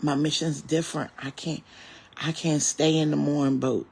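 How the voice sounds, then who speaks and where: A man's voice: a little high, flat delivery, moderate pace, gravelly, darkish tone, husky. A man in his forties, a comedian, talking earnestly and directly to his viewers in a reflective, faith-filled personal monologue. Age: 40s.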